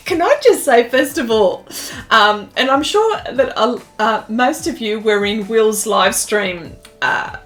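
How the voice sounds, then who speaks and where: Brief: Australian woman, high voice, unhurried, bubbly live-stream host, faint music underneath. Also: a bit bright. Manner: bubbly, giggly greetings, chatty with many fillers. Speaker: artist hosting a live stream. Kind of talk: casual live-stream chat.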